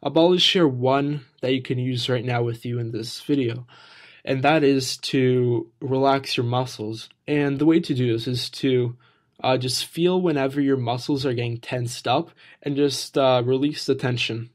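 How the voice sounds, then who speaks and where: A man's voice: mid-range voice, steady tone, normal speed. A man giving casual spoken tips on improving the voice, talking plainly with frequent fillers. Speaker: voice and social skills coach. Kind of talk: casual tutorial talk to camera.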